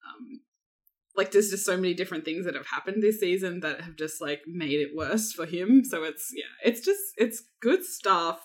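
A woman's voice: fairly low pitch, moderate pace. A woman co-hosting a podcast, thinking aloud casually with many fillers. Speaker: podcast co-host. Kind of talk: casual chat.

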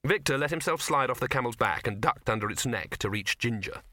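Guy reading a comic fantasy audiobook, bright tense voice, dry close sound. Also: expressive, brisk, dry recording. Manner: reads all the characters in one voice, lifting pitch for dialogue. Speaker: audiobook narrator. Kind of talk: scripted narration.

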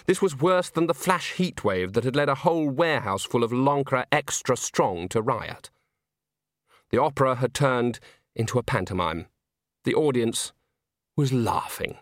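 A man reading a comic novel aloud as narrator, wry and expressive. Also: medium pitch, a little slow, no room sound, clean studio sound. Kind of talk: audiobook narration.

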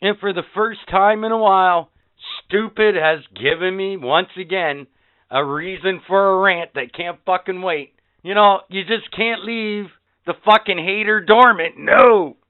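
A man's voice: sits high, measured pace, clear, resonant tone, no room sound, narrow, tinny audio. A man in his fifties hosting a podcast, delivering a profane, sarcastic, exasperated rant. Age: 50s. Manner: foul-mouthed, sarcastic, exasperated. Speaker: podcast host. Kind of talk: profane ranting monologue.

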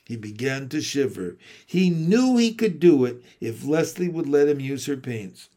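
A man reading a novel aloud in a measured storytelling manner. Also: medium pitch, animated, dark tone. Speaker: audiobook reader.

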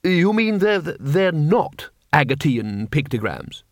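A man's voice: fairly high pitch, big pitch swings, slow, dry recording, clean studio sound. A man voicing a blunt, blustering older wizard who stammers and halts. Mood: puzzled. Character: bluff, blustering older male wizard chancellor.

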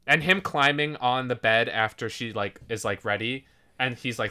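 A woman's voice: rumbling low, moderate pace, pushed and bright. A woman co-hosting a podcast, gushing in a casual chat about a TV episode, swearing and trailing off mid-sentence. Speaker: podcast co-host.

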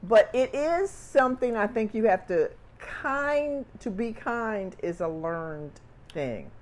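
A woman's voice: a little high, takes it slowly. A woman in casual conversation, telling stories and acting out the people she quotes. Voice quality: animated storyteller acting out quoted voices. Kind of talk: casual chat.

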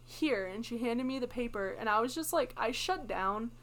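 Podcast co-host, young woman, high bright voice, chatty storyteller, quick to laugh; brief casting. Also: expressive. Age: young adult. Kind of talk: casual chat.

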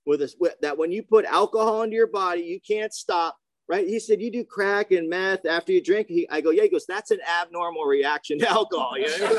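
A man telling his personal recovery story at a meeting, slangy and animated, acting out the voices of the people he quotes. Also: high voice, fairly quick. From grew up near the ocean.

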